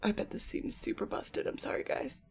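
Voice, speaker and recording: Chatty woman streaming at her art desk. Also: moderate pace. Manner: chatty, greets viewers by name; drops into soft mutters and whispers. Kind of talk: casual chat with live chat. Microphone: camera mic.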